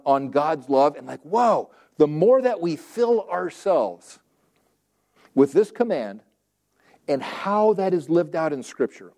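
A man's voice: on the high side, mellow. A man preaching a sermon in a conversational, folksy way, acting out quotes and repeating phrases for emphasis. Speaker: pastor.

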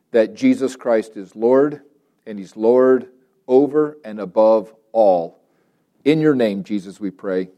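A male pastor speaks with a mellow, warm tone at an ordinary pitch. He prays and preaches earnestly, stacking repeated phrases and leaning slowly on the words he wants to land. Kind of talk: prayer and sermon.

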